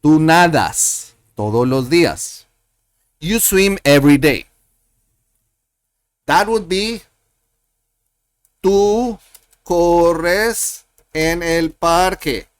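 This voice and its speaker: A man with a fairly high voice teaches Spanish at a slow, careful pace, repeating each example so it sinks in. He sounds close to the mic in a dry room with no echo. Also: animated, clean tone. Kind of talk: screen-share language lesson.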